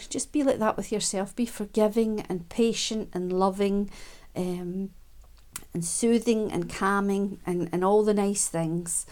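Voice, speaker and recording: A woman giving a gentle, unhurried self-help talk, with frequent ums and quiet laughs. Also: medium pitch, fairly even intonation.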